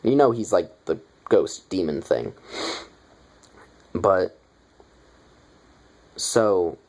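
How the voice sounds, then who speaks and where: Low-pitched male reviewer, excitable, profane, rambling casual delivery. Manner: excited, rambling, heavy swearing. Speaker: movie reviewer.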